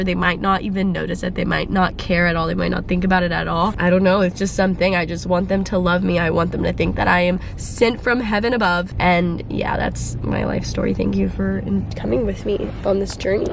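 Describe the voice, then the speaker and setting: A woman's voice: medium pitch, vocal fry, background noise. Chatty, giggly young woman vlogging from her car. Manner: chatty, giggly, self-mocking. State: congested, phlegmy. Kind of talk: casual chat to camera. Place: in a car at dawn.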